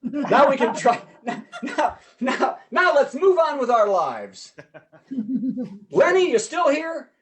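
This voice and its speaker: A man's voice: very high voice, big pitch swings, takes it slowly. A man hosting a virtual comedy show over a video call, joking and laughing as he introduces the acts. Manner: jokey, laughing between lines. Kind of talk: casual emcee patter.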